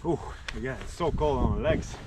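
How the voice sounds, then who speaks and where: A Norwegian man with a Norwegian accent, talking casually to camera outdoors by the water while sorting his gear, thinking aloud in halting restarts. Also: mid-range voice. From Norway. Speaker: outdoor vlogger. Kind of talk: casual vlog talk while handling gear. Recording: loud wind and outdoor noise. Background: wind and water noise.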